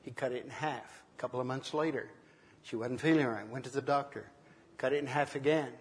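An older man, a minister, preaching in an unhurried, conversational way, telling stories from his ministry with frequent pauses. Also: mid-range voice, fairly even intonation, big-room sound. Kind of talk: sermon teaching with personal stories.

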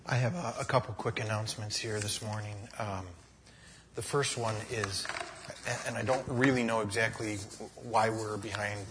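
A man sharing a short testimony and making church announcements, in a halting way that repeats words. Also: on the low side, steady tone, noisy background. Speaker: church member giving announcements.

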